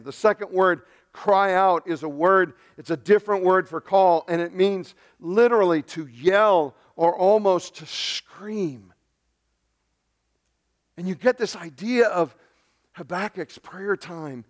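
A man preaching a sermon with passion, swinging from loud cries to hushed, low lines. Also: normal speed. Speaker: pastor.

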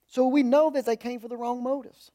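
A man with a high voice preaching in a relaxed, folksy way, stopping for humorous asides. He stresses points in raised bursts, then drops into low, quiet remarks. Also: a little fast. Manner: shifts between emphatic raised lines and low asides. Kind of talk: conversational sermon.

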